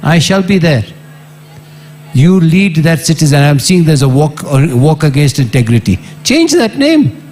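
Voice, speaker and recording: A middle-aged Kenyan man with a Kenyan accent, a former member of parliament giving an impassioned public address, emphatic and repetitive with sudden jumps in pitch. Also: normal speed, darkish tone.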